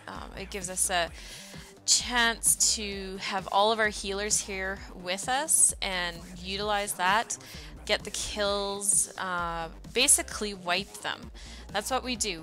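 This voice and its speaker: Woman gamer, casual chatty commentary, bright forceful tone, faint music under the voice. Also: mid-range voice. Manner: chatty and upbeat, with frequent ums and uhs. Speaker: gamer narrating her match footage. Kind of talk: casual gameplay commentary voice-over.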